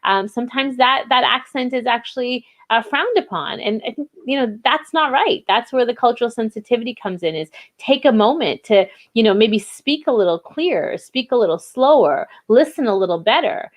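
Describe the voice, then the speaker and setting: A woman's voice: a little high, lively intonation, normal speed. A woman giving a diversity training talk in a conversational way, with frequent fillers and restarts. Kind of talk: casual live webinar talk.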